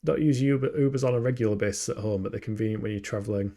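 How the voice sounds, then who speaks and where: This young streamer from Yorkshire races through his words in a mellow, lowish voice. Chatting casually with his viewers during a game, he's self-mocking and keeps muttering to himself as he plays.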